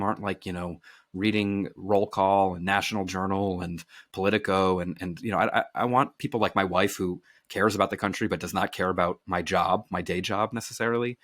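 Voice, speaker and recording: A man with a fairly low voice tells stories as a podcast guest, lively and loose, swearing freely and tripping over his own restarts. The recording is dry and close, with no room sound around him. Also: no room sound. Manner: animated, lively storyteller who swears and restarts phrases. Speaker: author and journalist guest. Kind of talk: casual conversational storytelling.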